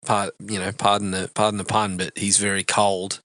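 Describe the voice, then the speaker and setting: A man's voice: lowish voice, flat delivery, moderate pace, a bit bright, no room sound. A man co-hosting a podcast, chatting casually about a film with enthusiasm, swearing freely and laughing often. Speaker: podcast co-host. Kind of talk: casual film review chat.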